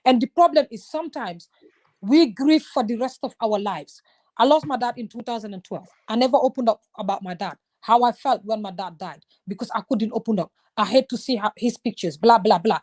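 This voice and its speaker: A woman in her thirties talking in a casual, animated way, now and then slipping in short Wolof phrases. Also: on the high side, a little fast. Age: 30s. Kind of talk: casual conversation.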